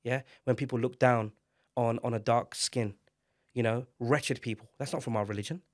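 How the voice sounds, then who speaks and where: Man, podcast co-host, animated, loud outbursts, mid pitch. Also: normal speed, dry recording, clean studio sound. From England. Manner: animated and emphatic, rising to loud exclamations. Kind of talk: casual podcast chat.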